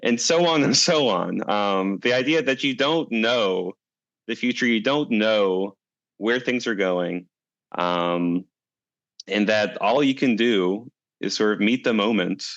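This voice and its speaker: A man's voice: fairly low pitch, slow, a bit bright, no room sound, dull audio. A man being interviewed as a guest, talking in a thoughtful, reflective way and telling stories as he answers. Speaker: guest, climate coalition director.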